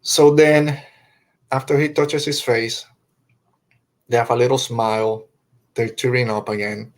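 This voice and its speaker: A middle-aged podcast host reviews an episode with deep, heartfelt emotion, sighing and restarting sentences as he chokes up. His medium-pitched voice holds a steady tone at an unhurried pace.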